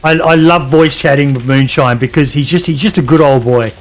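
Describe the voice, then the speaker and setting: A man's voice: fairly high pitch, brisk. An Australian man streaming a game, chatting casually with his viewers and answering their messages as he plays. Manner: laid-back, chatty, reads chat aloud and answers viewers. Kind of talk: casual chat while playing.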